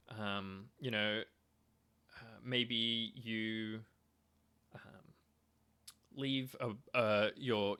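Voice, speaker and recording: A man's voice: medium pitch, bright, forceful tone. A young man giving a casual, self-made explainer talk, hesitant and full of restarts. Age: young adult. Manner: hesitant, lots of ums and restarts. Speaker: video lecturer on theory.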